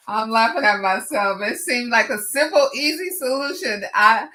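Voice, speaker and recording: A woman's voice: a little high, bright, forceful tone. A woman hosting a live crafting stream, chatting casually with viewers and laughing at herself. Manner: laughs often, talks back to chat, Southern-style "y'all". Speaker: craft livestream host.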